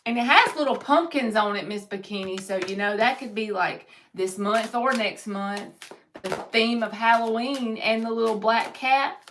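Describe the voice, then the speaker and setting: A woman's voice: fairly high pitch, normal speed, a bit bright, a little hiss or hum. Encouraging woman giving a live tarot reading. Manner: reads viewers' chat aloud and answers them; upbeat, encouraging. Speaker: tarot reader.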